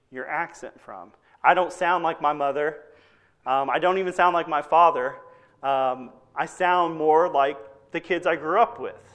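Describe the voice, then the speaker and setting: Conversational male pastor, slightly higher voice. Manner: conversational preaching with frequent "okay?" check-ins. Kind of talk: sermon.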